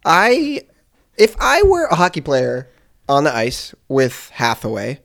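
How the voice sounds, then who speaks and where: A man co-hosting a casual comedy podcast, goofing around with excitable, mock-angry banter. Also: mid-range voice, smooth. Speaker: podcast co-host.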